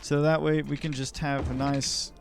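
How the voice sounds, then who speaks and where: A man's voice: mid-range voice, little pitch movement, normal speed, vocal fry, soft background music. A man giving rambling, jokey, self-deprecating commentary while playing a city-building game. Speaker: let's play host. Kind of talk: casual gameplay commentary.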